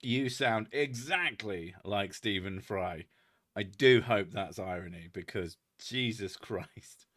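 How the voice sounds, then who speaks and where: A man's voice: fairly low pitch, takes it slowly, a bit bright. A British man hosting a casual chat, reading out viewer comments with lots of laughing, swearing and self-mocking jokes. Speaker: host.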